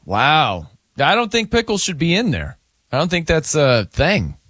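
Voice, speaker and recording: Casual male host, animated delivery and a very dry sound. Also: fairly high pitch, unhurried, breathy edge, no echo. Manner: animated, jokey, puts on voices when retelling. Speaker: radio show host. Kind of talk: casual late-night chat.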